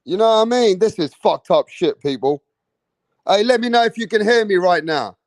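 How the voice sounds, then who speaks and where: A man's voice: high-pitched, lively intonation, normal speed, no echo. A young British man, hosting a boxing channel and ranting heatedly to his viewers, swearing and repeating himself. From Britain. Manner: heated, profane, repetitive, addresses viewers directly. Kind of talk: ranting commentary video.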